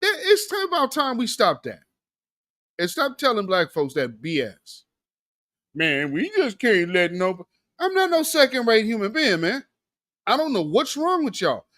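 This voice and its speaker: A male host giving a slangy, sarcastic political commentary monologue, emphatic and animated. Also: extremely high pitch, moderate pace, no echo, studio quality.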